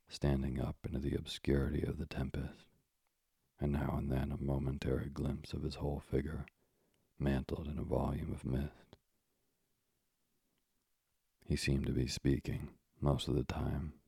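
A man reading a classic tale aloud as a calm, measured bedtime story narrator. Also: very deep voice, creaky, breathy edge, no room sound. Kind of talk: slow, soothing sleep-story reading.

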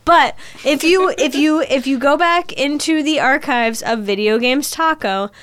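A woman co-hosting a gaming podcast, chatting casually and telling animated stories. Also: sits high, unhurried. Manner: chatty, animated storytelling with laughs. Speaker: podcast co-host. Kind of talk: casual chat among friends.

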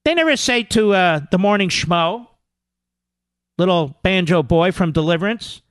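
A man's voice: high voice, animated, measured pace, a bit bright, clear, resonant tone, dry recording, studio quality. A man hosting a political talk radio show, sarcastic and emphatic, repeating words and mocking opponents in put-on voices.

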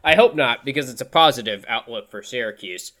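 A man hosts a casual sports podcast with a bright, forceful voice at a middle pitch. He chats in an upbeat, conversational way, often restarting his sentences as he thinks aloud. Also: animated, a little fast. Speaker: podcast host.

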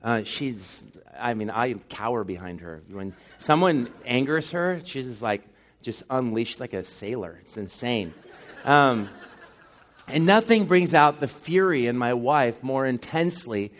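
A man delivering a sermon as a visiting pastor, speaking in a middle register. He keeps it conversational and jokes at his own expense. On key points his voice climbs and grows louder. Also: mid-range voice, expressive, a little slow. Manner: conversational preaching with self-deprecating humor. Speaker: guest pastor.

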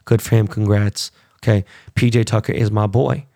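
A man's voice: fairly low pitch, level tone, normal speed, vocal fry, mellow, no room sound, clean studio sound. A man hosting a podcast, ranting bluntly and profanely about sports and his life. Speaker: podcast host. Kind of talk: casual rant.

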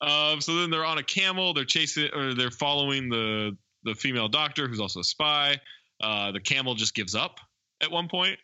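Bright-voiced man recapping a movie. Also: mid-range voice, moderate pace, smooth, no echo, dull audio. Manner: rambling plot recap with fillers. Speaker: podcast co-host. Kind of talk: casual chat recapping a movie.

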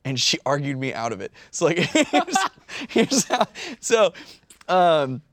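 A man in his thirties telling a story in casual chat, animated and swearing, often breaking into laughter. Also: a little high, takes it slowly, no echo.

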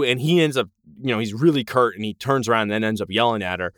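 Guy cohosting a podcast, casual recap, swears a bit, smooth voice, dry close mic. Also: mid-range voice, brisk, fairly bright tone, no echo. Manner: casual, swears, acts out quoted lines. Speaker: podcast co-host.

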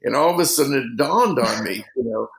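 A middle-aged fishing guide, telling rambling anecdotes in a casual interview and leaning on "you know" constantly. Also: male voice, mid-range voice, animated, fairly quick, gravelly, fairly bright tone, reverberant, poor audio.

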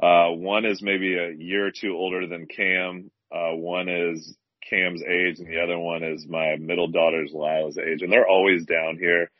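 Deep-voiced, laid-back male co-host. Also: flat delivery, moderate pace, few pauses, no echo, highs cut off. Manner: laid-back, rambling with fillers. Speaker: podcast co-host. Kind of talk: casual chat.

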